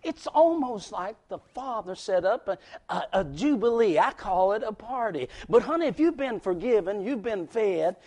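Folksy West Virginia preacher, high and lively, mid-sermon in church. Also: male voice, normal speed. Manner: folksy, swings from shouting to near whisper. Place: church service before a congregation.

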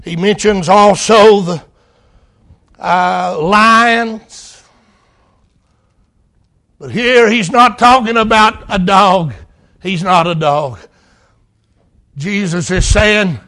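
High-voiced slow impassioned male preacher. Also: animated. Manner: impassioned, swings between crying out and hushed. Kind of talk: sermon.

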